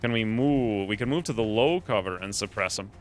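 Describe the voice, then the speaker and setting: A man's voice: fairly low pitch, animated, a little fast. A man giving playful live commentary while streaming a game, coining silly nicknames as he plans each move.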